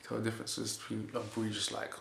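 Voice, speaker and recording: This man talks fast and flat in a lowish, creaky voice with a fairly bright tone. He gives a rambling, casual rundown of a wrestling show, leaning on "basically" and chuckling a lot, recorded in an echoey room with faint hiss.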